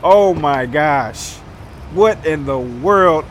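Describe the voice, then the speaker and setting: A man's voice: fairly high pitch, animated, extremely slow, slight background noise. A man in his thirties giving casual gameplay commentary, often exclaiming and laughing and talking to himself as he plays. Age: 30s. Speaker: gaming video host. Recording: loud game sounds behind voice.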